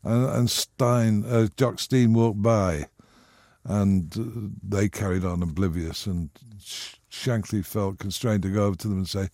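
A man's voice: on the low side, fairly even intonation, measured pace, dark tone, dry recording, studio quality. A man in his sixties, a radio guest telling a long story with frequent restarts and asides. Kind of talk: anecdotal storytelling.

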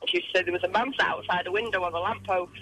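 A woman's voice: on the low side, fairly even intonation, rapid-fire, fairly bright tone, rough recording. A woman calling in to a radio show on the phone, chatting plainly as she tells a story. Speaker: caller. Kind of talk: telling a ghost story on air. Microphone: phone line.

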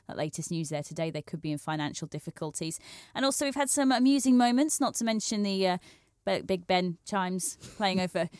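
A woman hosting a radio rugby league show, presenting in a brisk, chatty way. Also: fairly low pitch, no room sound, clean studio sound. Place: radio studio.

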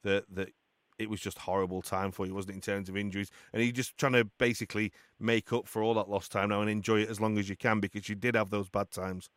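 A man's voice: lowish voice, flat delivery, fast, no room sound, clean studio sound. A man from England hosting a radio football show, chatting casually and calling his guest pal. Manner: friendly, calls guest pal. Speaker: radio host. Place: radio studio.

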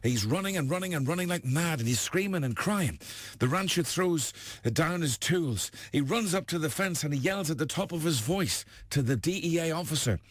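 A man hosting a breakfast radio show, telling jokes and chatting in a lively storytelling manner. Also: on the high side, normal speed, no echo. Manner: lively storyteller, animated delivery. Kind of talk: joke-telling and radio banter.

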